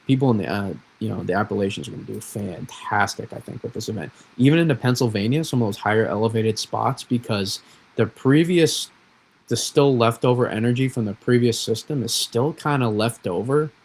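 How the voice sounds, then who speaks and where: A man's voice: on the low side, a little fast, vocal fry, breathy edge, rough recording. A man from New England hosting a weather livestream, rambling and self-correcting in casual chat.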